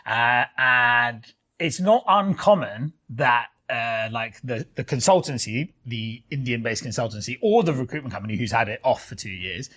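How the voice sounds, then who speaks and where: A man's voice: mid-range voice, animated, moderate pace, sharp tone. A man co-hosting a studio podcast, telling a story in casual chat, full of fillers and swearing. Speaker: podcast co-host.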